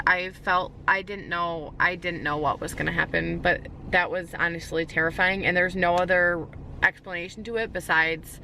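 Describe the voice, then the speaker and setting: A woman's voice: fairly low pitch, sharp tone, slight background noise. A young woman vlogger retelling a frightening night, shaken and anxious, rambling with many restarts and fillers. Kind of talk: storytime vlog.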